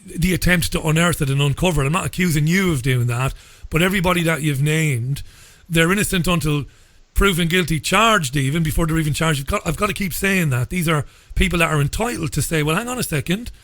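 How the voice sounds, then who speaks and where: A man hosting a radio interview, speaking in a measured way and often repeating his first words. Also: a little high, fairly bright tone, dry recording. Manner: measured, repeats words when starting a sentence. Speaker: radio show host.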